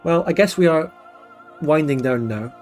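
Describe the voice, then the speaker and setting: A Scottish man hosting a relaxed late-night livestream, chatting frankly and laughing often. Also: fairly high pitch, moderate pace, soft background music. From Scotland. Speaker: livestream host. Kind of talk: casual late-night stream chat.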